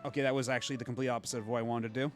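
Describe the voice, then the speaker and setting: A man casually commenting while he plays a fishing game on a stream, thinking aloud with quick asides. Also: mid-range voice, steady tone, soft background music.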